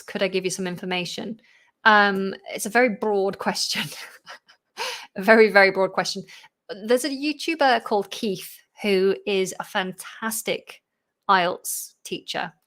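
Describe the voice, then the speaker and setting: A woman's voice: medium pitch, a bit bright. Chatty woman answering a live chat. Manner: reads viewer questions from the chat and answers with fillers and quick asides. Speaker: English teacher hosting a live Q&A. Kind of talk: live-stream Q&A, chatty and unscripted.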